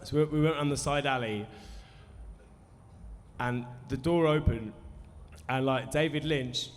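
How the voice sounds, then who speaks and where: A nervous man in his thirties, a musician introducing a film screening, rambles through a sweary, self-mocking story for a live audience. His mid-range voice moves at a measured pace and rings through a cinema hall with a long reverb tail, over slight background noise and a faint room murmur. His mouth is dry.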